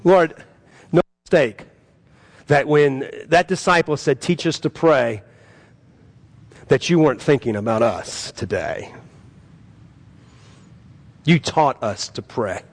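Gravelly earnest pastor preaching. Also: male voice, mid-range voice, slow pace, pauses often. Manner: earnest, pleading prayer with swelling emphasis. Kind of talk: sermon and prayer.

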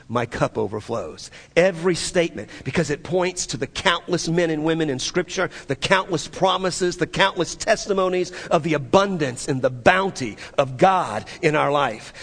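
High voiced guy preaching, leans on repeats, gets folks to say it back. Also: fairly bright tone. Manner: emphatic, repeats phrases, leads congregation in saying lines. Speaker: pastor. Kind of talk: sermon.

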